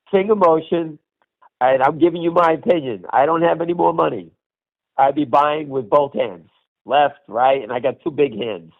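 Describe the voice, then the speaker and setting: An older man hosting a conference call, ranting angrily and bluntly with heavy swearing, with a cough. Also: mid-range voice. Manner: angry, profane, blunt. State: has a cough. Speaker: host. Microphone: phone call. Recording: tinny phone line.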